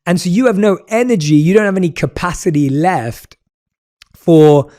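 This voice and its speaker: A man's voice: high voice, lively intonation, normal speed, mellow. A man hosting an interview, responding thoughtfully and affirming his guest's points. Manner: affirming, thoughtful, repeats "be both" for emphasis. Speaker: podcast host. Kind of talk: reflective interview conversation.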